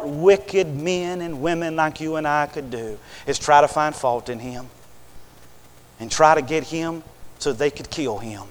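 A fiery male preacher with a fairly high voice, booming out scripture in one breath and dropping to a near-hush in the next. His words ring out with a long reverb, as if carried through a church sanctuary. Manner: swings between loud impassioned preaching and hushed, intimate delivery; reads scripture in King James wording with fervor. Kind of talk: revival sermon.

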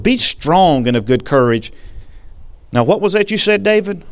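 A man preaching a sermon as a pastor, speaking earnestly and conversationally, with quieter, slower passages when he leads a prayer. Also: a little high, very animated. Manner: earnest, conversational preaching with frequent "all right?" asides; dramatic paraphrase of scripture, quieter and slower in prayer.

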